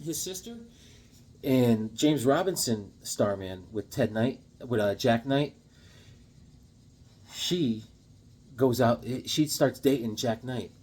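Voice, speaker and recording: A man's voice: medium pitch, darkish tone, a little hiss or hum. A man casually recapping a comic series, rambling and chatty, often checking in with the listener.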